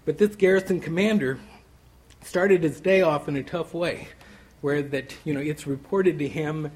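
A man's voice: fairly high pitch, normal speed, darkish tone, low-quality recording. A man teaching verse by verse through a Bible passage, talking in a loose, conversational way with frequent asides and restarts. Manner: conversational, many "you know" asides; restarts and repeats words while thinking aloud.

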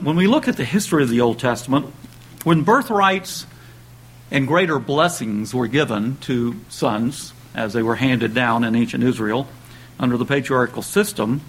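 A man's voice: animated, normal speed, husky, poor audio. A man preaching a sermon, speaking conversationally with restarts and lifting his voice when he reads scripture aloud. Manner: raises pitch and volume when reading dramatic quotes.

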